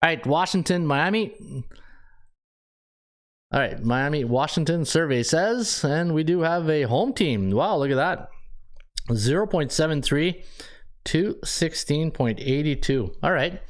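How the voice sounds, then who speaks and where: A man hosts a casual sports betting podcast, his voice pitched a little high. He rambles from point to point with lots of restarts. His rants build and he laughs at his own lines. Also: expressive, measured pace. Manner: ranting, with many restarts.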